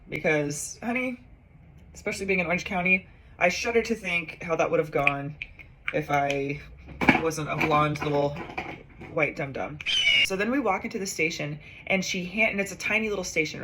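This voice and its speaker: A woman's voice: deep voice, a bit bright, a little hiss or hum. A young woman, a comedian, telling a personal story in a casual, self-mocking way, acting out the dialogue with big jumps in her voice.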